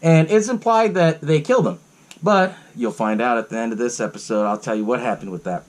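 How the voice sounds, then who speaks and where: A man hosts a podcast where he casually recaps a film, cursing often and laughing as he goes, with many fillers. He sounds animated and brisk, at a medium pitch.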